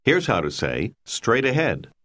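A man narrating a language lesson in a slow, clear, measured teaching delivery. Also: medium pitch, huge pitch swings, fairly bright tone. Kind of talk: scripted instructional narration.

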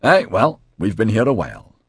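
A big-hearted, chatty man with a broad Scottish accent, loud and sing-song and pitched well up, as a male narrator puts him on. He rambles cheerfully, his husky tone caught close in a dry, quiet space. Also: huge pitch swings, normal speed, no echo, full character voice. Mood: hearty. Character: boisterous bald Scottish man, friendly neighbor.

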